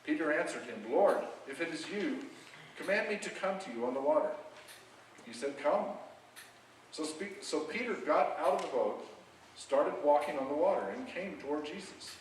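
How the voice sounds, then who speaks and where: A man reading a scripture passage aloud in a slow, measured way. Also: a little high, lively intonation. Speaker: scripture reader. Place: church sanctuary. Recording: echoey sanctuary, distant mic, faint hum.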